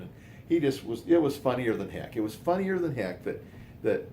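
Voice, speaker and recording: A man's voice: fairly low pitch, a little mellow, a little hiss or hum. An older man telling personal stories in a casual, rambling way, often repeating words and going off on asides. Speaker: storyteller.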